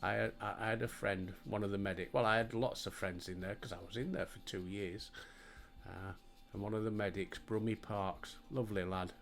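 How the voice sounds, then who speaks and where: A man's voice: lowish voice, fairly even intonation, normal speed, creaky, a bit bright, soft background music. A man in his sixties with a Yorkshire accent, chatting casually and telling rambling stories while he plays a game, laughing often. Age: 60s. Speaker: gaming video host. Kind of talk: casual chat and storytelling while playing.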